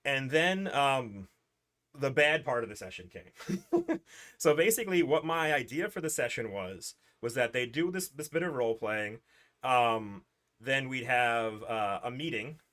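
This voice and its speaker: A man's voice: mid-range voice, a little slow. A man in casual livestream chat, recapping his tabletop campaign as game master, rambling through restarts and quoting his characters. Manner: rambling, many restarts and fillers, animated retelling with quoted lines.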